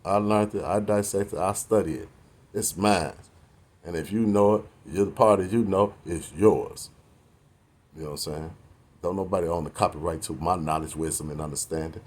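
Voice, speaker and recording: A man in his forties holds forth in a blunt street-talk rant, lecturing and cursing at his listeners. His voice sits low with a husky, rough edge. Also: moderate pace, darkish tone. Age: 40s. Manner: preachy and confrontational, heavy slang and cursing.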